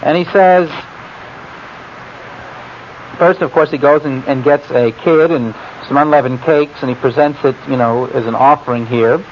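A man's voice: mid-range voice, moderate pace. A man giving an informal Bible lecture, talking in a digressive, conversational way with asides and fillers. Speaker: Bible teacher. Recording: muffled lo-fi recording with faint hiss.

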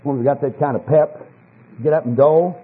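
A man preaching a sermon, emphatic, dropping to low asides and rising to fervent scripture reading, on an old archival sermon tape. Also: moderate pace, breathy edge, phone-quality sound.

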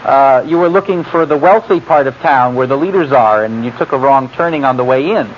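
A man with a medium-pitched voice and lively intonation gives an informal Bible lecture at a brisk pace. He wanders conversationally through asides and fillers, captured on a muffled lo-fi recording with faint hiss.

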